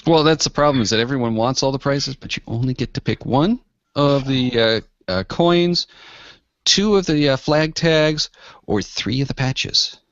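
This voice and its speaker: Relaxed male podcast co-host, lo-fi. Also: medium pitch, moderate pace, no echo. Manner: relaxed, frequent fillers. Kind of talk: casual podcast chat. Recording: dull lo-fi podcast audio.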